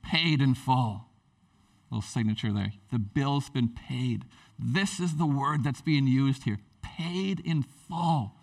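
A man preaching an animated, conversational sermon as pastor at a church service, acting out everyday scenes as he goes. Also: medium pitch, takes it slowly, creaky, distant mic.

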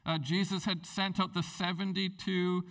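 Tired male preacher, rambling and animated, slightly high voice, recorded from a distance. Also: normal speed. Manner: animated, rambling, jumps pitch for emphasis. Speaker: pastor. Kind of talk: sermon.

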